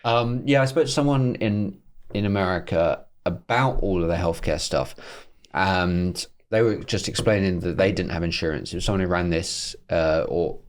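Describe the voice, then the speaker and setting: Deep-voiced British man telling a story. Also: normal speed. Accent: British English. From Britain. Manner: animated storyteller, acts out voices in anecdotes. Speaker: podcast co-host. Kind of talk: casual comedy chat.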